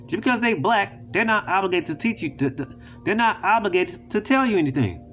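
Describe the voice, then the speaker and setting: A man's voice: high voice, lively intonation, fairly quick, fairly bright tone, faint music behind. A man with hosting a video, talking straight to viewers in a blunt, preachy, profane way and often asking "you know what I'm saying". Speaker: video host. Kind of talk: casual monologue to viewers.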